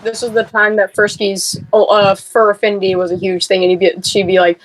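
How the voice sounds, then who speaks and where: A woman's voice: medium pitch, steady tone, moderate pace, hardly any pauses, low-quality recording. A woman in a casual voice chat, blunt and slangy, swearing freely.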